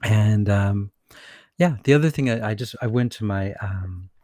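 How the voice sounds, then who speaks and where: A man's voice: fairly low pitch, a little slow, a little mellow, no echo, clean studio sound. A man who works as a channeler chats casually on his vlog, rambling, chuckling and breaking off his own sentences. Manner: rambling, chuckling, self-interrupting.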